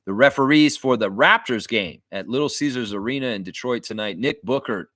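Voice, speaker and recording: A man's voice: mid-range voice, fairly quick, a bit bright, no echo. A man hosting a casual sports fan livestream, rambling and self-mocking, often repeating his words. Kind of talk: casual live-stream chat.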